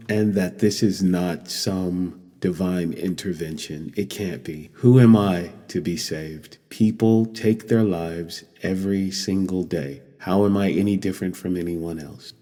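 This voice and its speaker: A man telling a personal story in an earnest, measured way, with long pauses. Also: sits low, dark tone. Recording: long echoey reverb.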